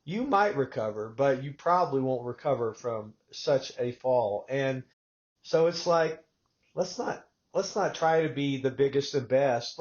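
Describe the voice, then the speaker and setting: A man from Texas hosting a podcast, telling stories in a rambling, animated way with many asides. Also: a little high, highs cut off. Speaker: podcast host. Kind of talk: casual conversational podcast talk.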